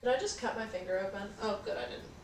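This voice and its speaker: A woman's voice: medium pitch, fast talker, over loud music. A young woman streaming from her kitchen, telling a story in a blunt, nonchalant way and swearing freely while she does the dishes. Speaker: livestreamer. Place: home kitchen. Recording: roomy kitchen, far from mic, clattering dishes. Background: dishes and pots clattering.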